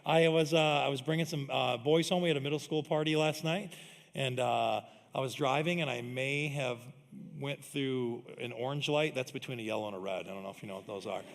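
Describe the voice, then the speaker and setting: A man's voice: medium pitch, a little fast, creaky. A man preaching a sermon as pastor, telling self-deprecating stories and laughing often. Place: church auditorium. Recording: long hall reverb.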